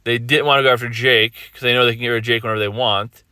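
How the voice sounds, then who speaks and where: A man hosting a podcast, casually recapping reality TV episodes, rambling and correcting himself as he retells scenes with quick quoted asides. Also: medium pitch, steady tone, pushed and bright, clean tone, dry recording, studio quality.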